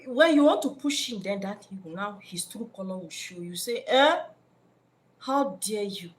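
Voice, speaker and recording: A woman with a Nigerian accent giving spiritual life advice in an animated way, acting out scenes in different voices. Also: medium pitch, fairly quick.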